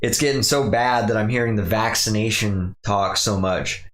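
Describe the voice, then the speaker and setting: Lowish-voiced man ranting in an echoey room. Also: normal speed, fairly bright tone. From Pacific Northwest. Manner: casual, rambling, mimics other people's voices in quotes. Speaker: podcast host. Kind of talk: solo podcast rant.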